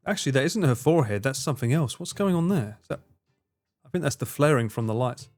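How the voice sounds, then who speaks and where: A man's voice: medium pitch, expressive, fast, a little mellow, faint music behind. A man streaming live, chatting casually with his viewers, swearing freely, laughing and bantering.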